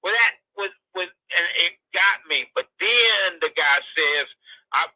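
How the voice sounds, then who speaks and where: An older man with a drawl talks with a sharp, forceful brightness and a fairly high pitch. He speaks emotionally and haltingly, restarting his sentences and calling the host brother. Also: lively intonation, rough recording. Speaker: guest, retired pro wrestler. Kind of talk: emotional phone interview.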